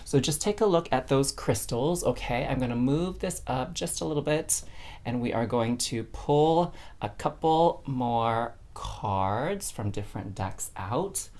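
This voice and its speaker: Woman with a very low voice, bubbly and chatty, tarot card reader talking to camera. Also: lively intonation, a little slow, a little mellow. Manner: bubbly, chatty, calls viewers fam and lovelies. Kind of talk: casual spiritual card reading to camera.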